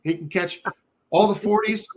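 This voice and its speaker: A man's voice: high-pitched, fairly even intonation, moderate pace, a little mellow. A man from Ohio hosting a casual fishing live stream chat, rambling with lots of ums and uhs and chuckling between thoughts. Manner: rambling, hesitant, lots of fillers. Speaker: host.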